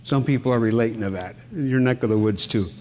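A man's voice: mid-range voice, quick pace, a little mellow. A middle-aged man, a home inspector giving a casual seminar talk, folksy and telling stories while quizzing his audience. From Wisconsin. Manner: folksy, asks the audience questions, tells anecdotes.

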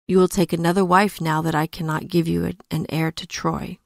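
A woman's voice: lowish voice, level tone, a little fast, creaky, no echo, clean studio sound. A woman reading a tearful, grief-stricken young princess. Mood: pleading. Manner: tearful, pleading and despairing. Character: grieving young princess, broken-hearted wife.

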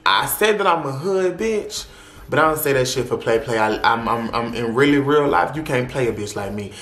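A young man telling a dramatic storytime vlog in a profane, animated way. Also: medium pitch, normal speed. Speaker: vlogger. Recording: roomy echo.

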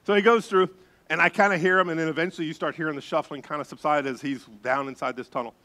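A male pastor preaching a sermon, telling a story with lively turns and hushed, suspenseful drops. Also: a little high, quick pace.

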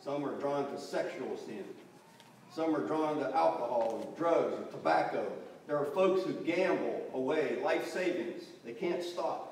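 A man delivers a church sermon, and he tells his stories with animation. His fairly high voice sits far back from the microphone. A heavy church echo and a faint hiss surround him. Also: measured pace. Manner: animated storytelling, acting out quoted voices. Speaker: preacher. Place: church sanctuary. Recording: distant, very echoey church recording with faint noise.

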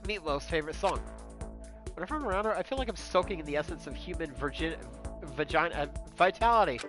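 A man's voice: fairly high pitch, lively intonation, fast. A man hosting a let's play, reading the game narration aloud with crude, jokey asides. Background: game music.

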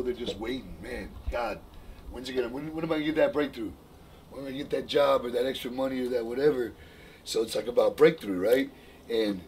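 Casual male storyteller, slangy, animated, average pitch. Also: slight background noise, low-quality recording. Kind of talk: casual chat.

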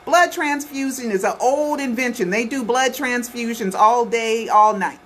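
At home in front of her camera, a conspiracy documentary vlogger chats casually but insistently, circling back over her points and dropping "okay" and "right" throughout. Her voice sits on the high side, with a fairly bright tone and an unhurried delivery.

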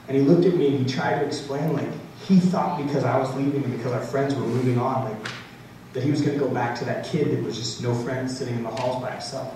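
Young male speaker, school assembly talk, heard from a distance with a booming hall echo. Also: fast. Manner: animated storytelling, frequent "like" fillers. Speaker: motivational speaker. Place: large school gym or auditorium. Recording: very echoey hall, distant, noisy.

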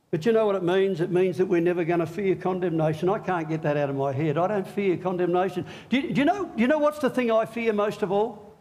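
With a voice that sits high and a slightly fast delivery, a middle-aged pastor preaches at Easter, joking with the church congregation and inviting them in. His manner is animated and conversational.

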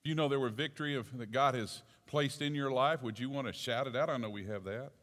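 Male pastor preaching in a reverberant sanctuary, lively delivery, soft asides and loud outbursts. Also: medium pitch, fast talker. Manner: animated preaching, swinging from soft asides to shouted exclamations. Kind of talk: sermon. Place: church sanctuary. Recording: long church reverb.

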